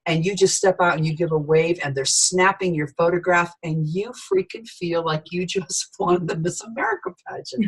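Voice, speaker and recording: A middle-aged woman giving an animated sales training talk, telling stories with voices for the people in them. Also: lowish voice, normal speed, few pauses, breathy edge, rough recording. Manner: storytelling, lively quoted voices.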